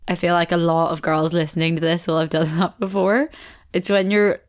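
A woman's voice: lowish voice, level tone, a little fast. A young woman, hosting a podcast and telling a story in a candid, chatty way, swearing freely and saying "like" a lot. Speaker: podcast host. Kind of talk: casual storytelling chat.

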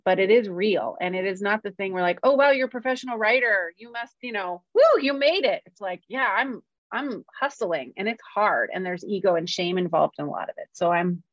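Here a woman with a lowish voice co-hosts a podcast, chatting casually and candidly about working as a screenwriter. Her manner is earnest and introspective, occasionally openly emotional. The recording is dry, dull, and lo-fi.

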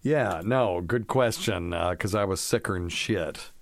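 A man's voice: low-pitched, a little slow, vocal fry. A middle-aged man hosting a call-in radio show, talking casually and bluntly, with offhand scoffing asides. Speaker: radio show host answering caller questions.

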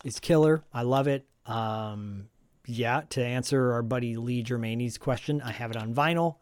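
A man's voice: mid-range voice, darkish tone, no echo. A man with a mid-range voice chats eagerly about a film soundtrack. The recording is dry and close, with no room sound. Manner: enthusiastic, chatty. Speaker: podcast co-host. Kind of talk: casual film chat.

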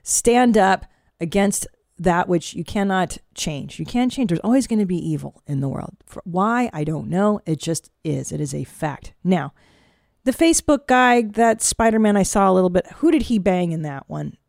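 A woman's voice: lowish voice, expressive, moderate pace, creaky, a little mellow, dry recording. A woman stand-up comedian hosting a podcast in a studio booth, chatting casually in a frank, profane, rambling way.

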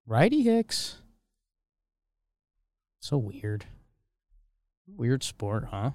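A man co-hosting a casual sports podcast, cracking quick jokes about the game. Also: medium pitch, big pitch swings, vocal fry, warm tone, no room sound, clean studio sound. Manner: jokey, quick quips. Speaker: podcast co-host.

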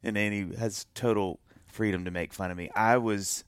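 A man telling a story in a casual interview, animated and acting out voices of the people in it. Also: on the low side, moderate pace, clean tone, no room sound, clean studio sound. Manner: animated, acts out voices of himself and others in his stories. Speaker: musician telling his love story.

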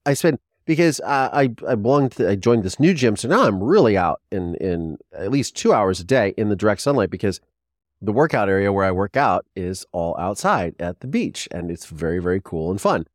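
Low-voiced man telling a rambling story. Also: brisk, no room sound, studio quality. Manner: rambling, animated, with restarts and acted quotes. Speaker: podcast host. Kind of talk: casual storytelling monologue.

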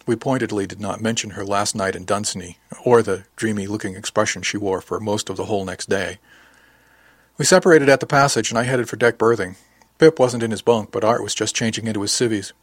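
A man's voice: brisk, no room sound. Man narrating a first-person audiobook. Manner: voices characters with small pitch lifts.

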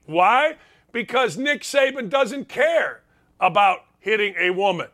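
An older man hosting a sports talk show from his basement, giving a blunt, sarcastic monologue that swings between loud bursts and quick asides. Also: very high voice. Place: home basement studio.

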